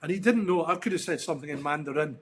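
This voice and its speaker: A middle-aged Scottish man talks rapid-fire as a podcast guest, his voice a little higher than most men's. He meanders through stories with plenty of ums and restarts, relaxed and reflective, in a casual interview chat with slight background noise.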